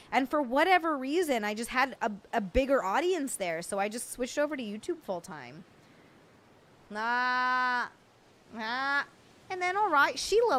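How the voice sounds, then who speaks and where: A woman's voice: a little high, fairly bright tone. A young woman live streamer chatting casually with her viewers from home, playful and blunt, often laughing. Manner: blunt and playful with crude jokes. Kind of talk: casual livestream chat answering viewers.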